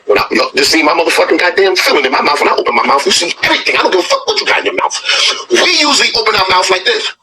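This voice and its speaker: A man's voice: sits high, expressive, racing, noisy background. A man hosting a reaction video, telling a story in blunt, profane, scoffing casual commentary.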